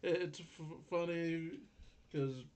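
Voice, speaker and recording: A man with a slightly higher voice speaks very slowly in a relaxed review chat. He chuckles now and then and checks his notes as he talks. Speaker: co-host reviewing an anime episode. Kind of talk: casual recap chat.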